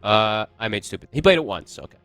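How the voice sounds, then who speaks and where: A man's voice: lowish voice, lively intonation, fast, sharp tone, no echo, faint music behind. A man casting an esports match, chatty and analytical, thinking aloud as he breaks down the picks. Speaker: esports caster. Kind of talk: casual esports commentary.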